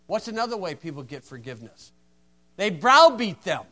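A man preaching a folksy sermon, acting out dialogue and swinging from hushed tones to loud, forceful lines. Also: high-pitched, sing-song, moderate pace.

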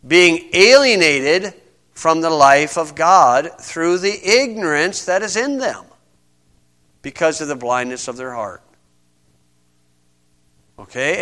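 Guy preaching, high voice, bright and forceful, keeps asking the crowd questions. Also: expressive, slow pace. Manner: conversational preaching, asks the congregation questions. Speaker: pastor. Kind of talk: sermon.

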